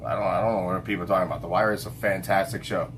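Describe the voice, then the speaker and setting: A man's voice: sits low, fairly even intonation, very fast, a bit bright, a little hiss or hum. A middle-aged man hosting a casual late-night livestream chat, rambling and stopping to hunt for names with lots of fillers and restarts. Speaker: livestream host.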